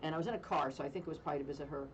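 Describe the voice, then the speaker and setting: A woman radio host telling a funny story in casual chat, animated and self-mocking, with deadpan jokes. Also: low-pitched, racing, distant mic, lo-fi sound, a little hiss or hum. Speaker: radio talk show host.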